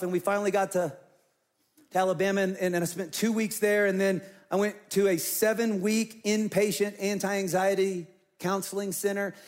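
A middle-aged man, a pastor, telling an earnest personal story in a sermon and acting out his own past words. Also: high voice.

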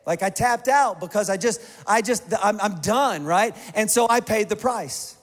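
High-voiced pastor in a reverberant hall. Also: male voice. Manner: animated, self-mocking storytelling with quick bursts. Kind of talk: storytelling sermon. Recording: long reverb of a large hall.

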